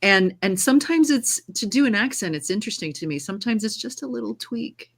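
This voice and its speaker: An American woman who narrates audiobooks and trained as a singer, chatting in a casual interview and telling lively stories with frequent laughter. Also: mid-range voice, brisk. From United States. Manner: lively storyteller, laughs often; trained singer with controlled delivery.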